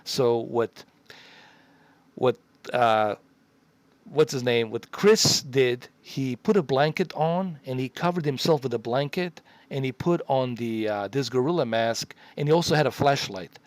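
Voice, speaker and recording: A man's voice: medium pitch, measured pace, dry recording. A middle-aged man casually telling a story to his viewers, profane and rambling, repeating himself for emphasis.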